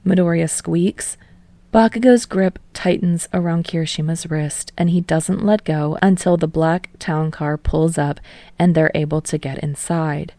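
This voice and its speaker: Podfic lady, low gravelly voice, dry close mic, steady reading. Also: moderate pace, no room sound. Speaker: podfic reader. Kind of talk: reading fan fiction aloud.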